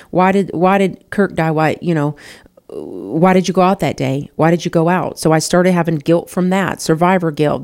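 A woman with a lowish voice tells her own story of loss and faith. She talks straight to her listeners, earnest and emotional, and calls them "y'all.". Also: a little mellow. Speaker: show host. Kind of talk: personal testimony.

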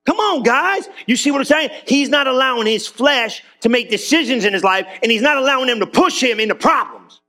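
A man's voice: very high-pitched, animated, a little fast, few pauses, sharp tone. A man preaching a sermon in church, talking to his congregation like a friend and urging them on with repeated calls for claps and amens. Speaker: pastor.

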